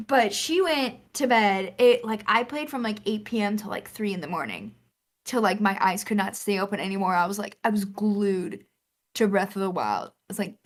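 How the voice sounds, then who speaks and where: A young woman co-hosting a gaming podcast, telling a lively story and acting out the lines. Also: mid-range voice, normal speed. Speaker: podcast co-host. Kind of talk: casual chat.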